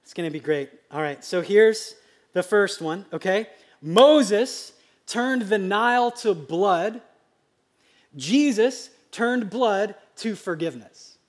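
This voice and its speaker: High-pitched guy pastor giving a sermon, chatty and lively, sometimes gets loud. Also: slow. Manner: lively, conversational preaching with sudden loud outbursts. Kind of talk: preaching a sermon. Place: church sanctuary.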